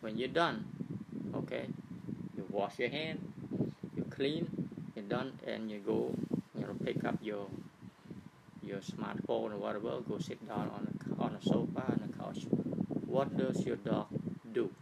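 Gravelly guy teaching casually, lots of okay and right?, heavy hiss behind. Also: lowish voice. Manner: repetitive, halting, checks in with "right?" and "okay". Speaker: speaker giving a talk on attachment. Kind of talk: informal teaching talk. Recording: loud background noise.

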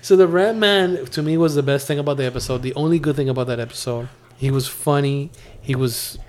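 A man hosting a podcast, retelling a show in a loose, animated way with lots of laughter. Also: medium pitch, fairly quick, slight background noise. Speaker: podcast host. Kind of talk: casual chat.

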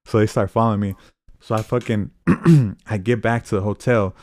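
A man's voice: fairly low pitch, fairly even intonation, normal speed, darkish tone, no room sound. Laid-back, profane young man storyteller. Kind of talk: casual storytelling chat.

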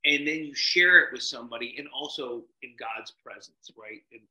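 A man guesting on a podcast, telling a story in an animated way, acting out quotes and swearing casually. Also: mid-range voice, normal speed, roomy sound, poor audio.

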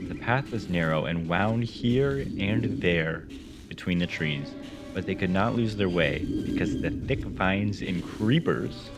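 A man reading a children's storybook aloud and breaking off with wry, playful jokes about the text. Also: deep voice.

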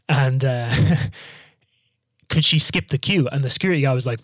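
A man's voice: medium pitch, slow pace, long pauses, no room sound, clean studio sound. A man telling long, jokey travel stories in casual chat, swearing freely and rambling.

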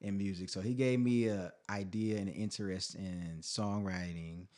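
Deep-voiced and moderately paced, a thirtysomething singer-songwriter guest tells his life story in a casual interview. He comes across as animated, frequently laughing and restarting his sentences.

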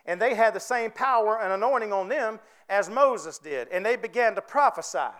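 A man's voice: high-pitched, expressive, moderate pace, fairly bright tone. A man preaching a sermon with fervor, calling out to his congregation for responses. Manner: fervent, calls out to the congregation for responses.

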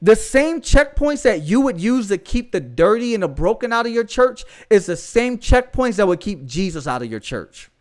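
A man's voice: sits high, very animated, moderate pace, hardly any pauses. A young man with a Southern US accent preaching fervently in a casual, slangy, conversational way. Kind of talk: podcast sermon.

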